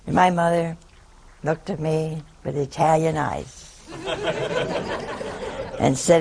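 Slow, gravelly older woman storyteller. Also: low voice, a little mellow, slight background noise. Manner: humorous, folksy anecdote with laughs. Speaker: nun giving a talk. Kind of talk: storytelling talk to an audience.

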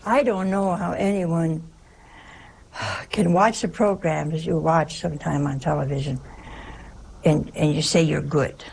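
Slow, gravelly-voiced woman preaching. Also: fairly low pitch, a little mellow, slight background noise. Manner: emphatic, with rhetorical questions and sudden whispers. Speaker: religious sister preaching. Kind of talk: sermon.

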